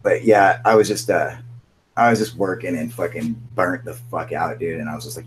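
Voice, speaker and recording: A man's voice: low voice, fairly even intonation, normal speed, slight background noise, poor audio. A young man hosting a casual livestream chat, rambling and swearing constantly, calling everyone dude. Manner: profane, rambling, frequent "dude" and laughter. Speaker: host.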